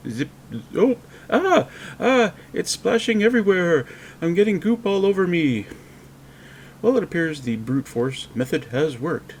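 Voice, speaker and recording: Male vlogger, wry self-deprecating voice-over at a mid pitch, faint hiss in the background. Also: darkish tone. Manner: wry, self-mocking, with playful sound effects. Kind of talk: casual voice-over narration. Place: home office, indoors.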